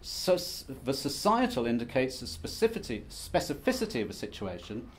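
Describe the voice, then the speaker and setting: A man's voice: mid-range voice, huge pitch swings, a little fast, a little hiss or hum. A man giving a conference presentation as an academic, lecturing in a wry, self-deprecating, conversational way. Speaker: academic speaker.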